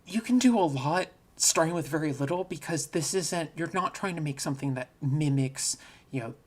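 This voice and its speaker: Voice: medium pitch, lively intonation, moderate pace. Casual talk speaker thinking aloud. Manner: thinking aloud with many restarts; explanatory, casual. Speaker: conference speaker. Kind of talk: recorded virtual conference talk. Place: home, recorded remotely.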